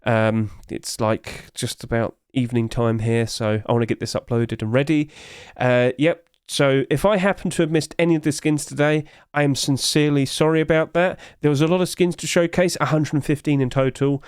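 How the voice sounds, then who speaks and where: A man hosting a casual game skin review video, talking in a hurried, rapid-fire way and out of breath. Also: mid-range voice, fairly even intonation, clean tone, no room sound, clean studio sound. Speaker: YouTube host.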